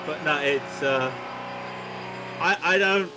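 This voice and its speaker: A man's voice: high voice, big pitch swings, drawn-out words, pauses often, very noisy. An English man commentating a long motor race, chatty and laughing as he tells stories between updates. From England. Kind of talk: casual co-commentary chat. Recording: commentary over loud race-car sound.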